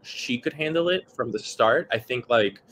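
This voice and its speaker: A man's voice: medium pitch, animated, normal speed, fairly bright tone. A man chatting casually as a podcast guest, talking with animation and mimicking the people he describes. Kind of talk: casual chat. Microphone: video call.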